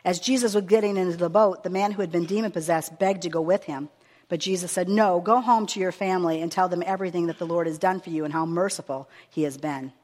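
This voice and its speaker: A woman preacher giving a sermon with a long scripture reading, earnest and measured, stressing her words as she reads aloud. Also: lowish voice, a little mellow. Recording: long reverb of a hall.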